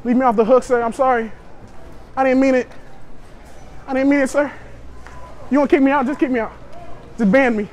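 High-voiced brash young man pranking. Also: steady tone, fairly quick, pauses often, slight background noise. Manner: brash, joking, provocative. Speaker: prank vlogger. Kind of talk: public prank chatter. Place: inside a store.

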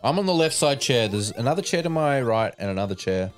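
A man's voice: mid-range voice, big pitch swings, quick pace, soft background music. A man co-hosting a podcast, telling a long casual story full of "like" fillers. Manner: rambling, many "like" fillers. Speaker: podcast co-host.

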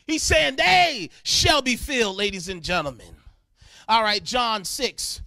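A male pastor preaches a sermon with fervent energy in a high-pitched, animated voice at a measured pace. He shouts and half-sings some lines, then drops to a murmur while looking up Bible verses, and the recording has no echo.

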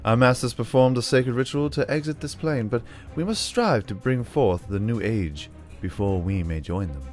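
A man's voice: medium pitch, moderate pace, darkish tone, soft background music, lightly acted. A man reading out a solemn male cult leader's prophecy in a slight put-on British accent.

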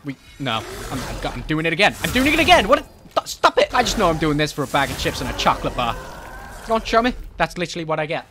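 A man giving joking, excitable commentary while playing a game, often shouting at enemies. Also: a little high, fast talker, faint music behind. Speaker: gaming YouTuber. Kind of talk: comedic let's-play commentary.

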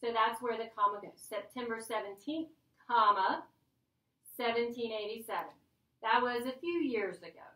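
A woman's voice: on the high side, normal speed, sharp tone. A woman teacher giving a playful, chatty grammar lesson to her class. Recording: echoey classroom from a distance.

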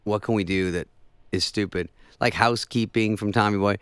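A male comedian telling casual anecdotes on a talk show, dry and quick, dropping into voices for the people in his stories. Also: fairly low pitch, fairly even intonation, clean tone, no echo. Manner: dry storytelling, mimics others in quick voices. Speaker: comedian guest.

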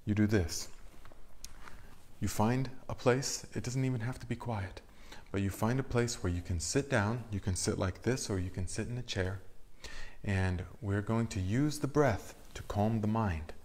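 Slow, low-voiced man guiding breathing. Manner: calm, slow counting instructions. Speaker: meditation leader. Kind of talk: guided breathing meditation.

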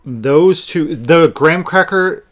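A man co-hosting a casual podcast, explaining his yarn dyeing in a relaxed way. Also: a little high, takes it slowly. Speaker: podcast co-host and yarn dyer.

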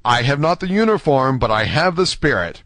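A man's voice: medium pitch, sing-song, normal speed, fairly bright tone, no echo. A man voicing a fiery young male swordsman, speaking earnestly and proudly in a dry, close recording.

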